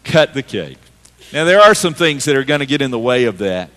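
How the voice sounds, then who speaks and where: A man pastor preaching a sermon, emphatic, swinging from loud calls to hushed, quiet lines. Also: medium pitch, big pitch swings, fast. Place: church sanctuary. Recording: reverberant church sanctuary.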